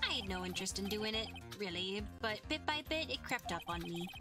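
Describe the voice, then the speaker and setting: A woman's voice: medium pitch, animated, a little fast, close to an everyday voice. Lady voicing a two-faced young celeb bad guy, mocking singsong, music in the back. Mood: cold gloating. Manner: sneering, mocking sing-song taunts.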